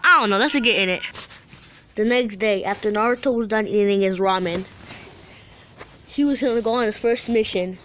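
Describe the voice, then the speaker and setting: A woman's voice: mid-range voice, moderate pace, long pauses, fairly bright tone, a little hiss or hum. A woman casually retelling her own fan-fiction story, rambling with frequent restarts and playful asides to her viewers.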